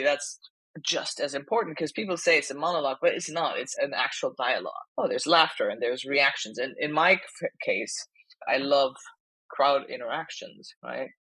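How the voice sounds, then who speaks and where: Brief: comedian woman, animated storyteller, close dry mic. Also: extremely low pitch, no room sound, rough recording. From Germany. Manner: animated storyteller, quotes herself often. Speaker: stand-up comedian, guest. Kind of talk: casual podcast chat.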